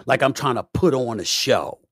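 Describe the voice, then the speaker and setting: A middle-aged man holds forth on his own podcast, his voice close and dry. He talks in an emphatic, repeating rhythm like a preacher, dropping to a low mutter and then climbing into loud, cussing outbursts. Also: expressive, moderate pace, slightly rough, no echo. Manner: profane, repetitive, preacher-like cadence. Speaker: podcast host. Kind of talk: opinionated monologue.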